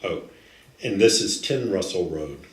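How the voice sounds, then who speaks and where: An older man telling personal stories slowly and haltingly, often restarting his sentences. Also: deep voice, animated. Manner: slow, halting, with frequent restarts. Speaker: guest storyteller. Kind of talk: recorded personal storytelling. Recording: echoey room, distant mic, faint ambience.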